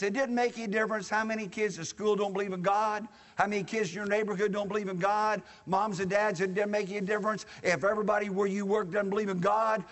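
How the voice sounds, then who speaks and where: Folksy, joking preacher man with a high voice, sermon recorded in a reverberant church hall. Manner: folksy and joking, addressing the congregation directly.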